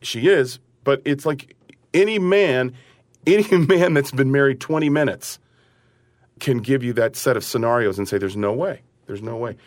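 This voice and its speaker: A man who is an opera singer talking in an interview about a role he sings, animated and acting out his character's lines. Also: medium pitch, normal speed, no echo, clean studio sound. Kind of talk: interview conversation.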